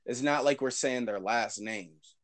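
A man's voice: mid-range voice, unhurried, a bit bright, no echo. A young man co-hosting a podcast, answering in short, teasing replies in casual chat. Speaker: podcast co-host.

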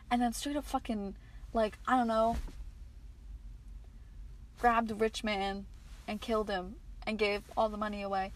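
A woman's voice: mid-range voice, flat delivery, a little slow, pauses often, rough recording. A nineteen-year-old American woman hosting her own podcast from inside a parked car, talking candidly and rambling with restarts and swearing. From United States. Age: late teens. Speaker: podcast host. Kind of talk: solo podcast monologue.

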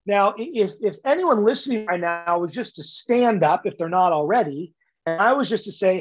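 A man's voice: high voice, animated, normal speed, soft background music. A man as a podcast guest, explaining coaching ideas in an emphatic, lecture-like way and repeating words for stress. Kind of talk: explanatory interview talk.

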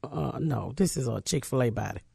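A deep-voiced woman comedian chatting brashly as a guest in a radio studio, joking and laughing often. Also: animated, a little fast, creaky, very noisy. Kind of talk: casual radio chat.

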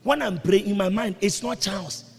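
A man preaching a sermon as pastor, breaking into shouts and sung phrases, recorded in a reverberant church hall with music behind. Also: sits high, moderate pace, creaky, husky.

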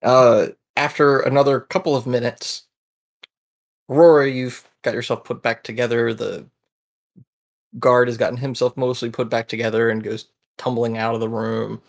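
A man's voice: medium pitch, little pitch movement, moderate pace. A man narrating as game master of a tabletop game, in a casual, crude manner.

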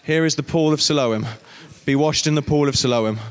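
A man's voice: a little high, fairly quick, in a large hall. A man giving an interactive youth talk as guest speaker, playfully directing volunteers on stage.

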